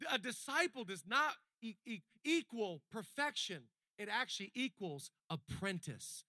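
Male pastor, high bright tenor, dry close sound, chatty sermon that swells into emphatic repetition. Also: sing-song, normal speed, hardly any pauses, dry recording. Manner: conversational preaching that builds to emphatic repetition.

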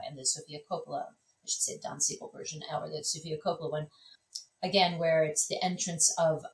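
Woman, low register, chatty guest critic; roomy, off-mic sound. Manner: animated, lots of fillers and restarts. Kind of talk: casual conversation. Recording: echoey room, distant mic.

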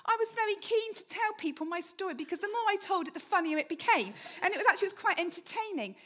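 A woman's voice: sits high, fairly bright tone. A woman giving a chatty, humorous sermon, often putting questions to the congregation. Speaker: preacher.

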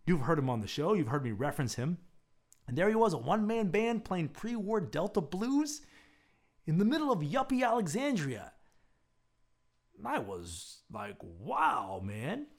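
A man hosting a show, telling a personal street-music story in a relaxed, reflective way. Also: sits high, moderate pace. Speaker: podcast host and street musician. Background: plucked guitar music.

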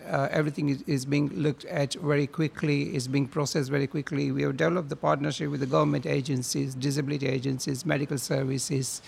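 A man who advises cancer patients on benefits, explaining in a formal, measured way. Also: on the high side, creaky. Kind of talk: panel discussion.

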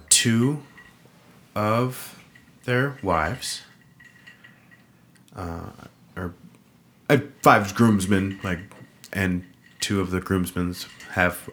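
Low slow-talking man telling stories. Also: a bit bright. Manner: swearing, rambling storytelling. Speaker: podcast host. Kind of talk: casual chat over drinks.

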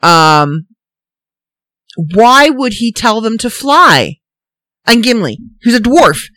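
A woman hosting a casual solo podcast, ranting in an animated, incredulous, rambling way. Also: a little high, slow, no room sound. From Canada. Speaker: podcast host.

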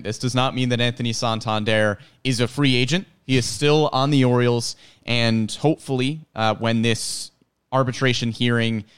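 A man's voice: mid-range voice, fairly bright tone, clear, resonant tone. A man co-hosting a casual sports podcast, explaining things earnestly with playful asides. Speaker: podcast co-host.

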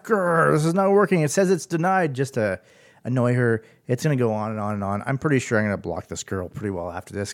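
A man's voice: medium pitch, a little mellow. A man hosting his own podcast in a casual solo monologue, chatty and amused, often trailing off and restarting. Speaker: podcast host.

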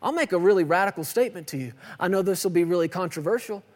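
A man's voice: high voice, expressive, racing. A man in his thirties preaching a sermon, emphatic and repetitive with playful asides. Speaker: pastor. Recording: long hall reverb.

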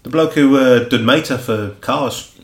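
A man with a Black Country accent chats through a beer review, dry and self-mocking. His voice sits at an ordinary middle pitch. The room around him rings with echo. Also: measured pace. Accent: Black Country English. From Black Country, England. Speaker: podcast co-host. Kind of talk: casual podcast chat reviewing beers.

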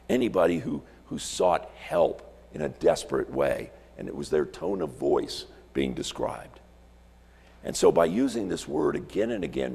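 In a large church sanctuary, a visiting pastor from Alaska preaches a sermon in a mid-range voice that's creaky, husky, and a little mellow. He tells stories, repeats words, and poses rhetorical questions.

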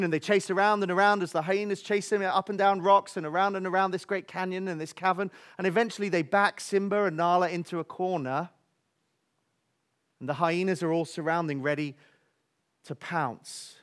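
A man preaches in an animated way, telling stories with rising energy. His voice sits a little high for a man. He often drops to a hushed, breathy near-whisper to drive a point home. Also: brisk. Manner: animated storytelling, dropping to soft near-whispers for emphasis. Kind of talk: sermon.

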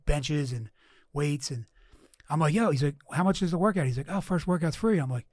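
A man's voice: fairly high pitch, a little fast, darkish tone, no room sound, clean studio sound. A man hosting a casual podcast, rambling, swearing and laughing as he talks. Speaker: podcast host. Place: home studio.

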